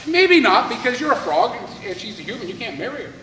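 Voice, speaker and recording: Man putting on a high, fussy king voice, anxious, lively pitch, echoey hall, far from mic. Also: fast, a little hiss or hum, full character voice. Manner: higher, pleading and fretful.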